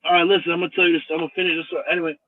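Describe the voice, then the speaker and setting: A man's voice: a little high, flat delivery, racing, no room sound. A man in his forties, a caller, telling a story in a profane, insistent way. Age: 40s. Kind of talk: casual storytelling. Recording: tinny phone line.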